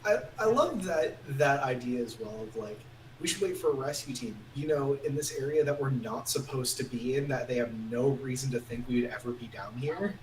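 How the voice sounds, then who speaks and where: A man chats candidly as a podcast co-host, often restarting his sentences. He sounds set back from a distant microphone in a roomy space, with clear noise behind him. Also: medium pitch, fairly quick. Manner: candid, hedging, talks in restarts. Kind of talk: casual podcast discussion.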